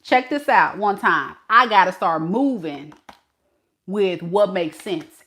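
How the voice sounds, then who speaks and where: Sassy, slow-talking woman tarot reader. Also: mid-range voice, fairly bright tone. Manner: sassy, teasing, stifling laughter. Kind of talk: casual tarot reading.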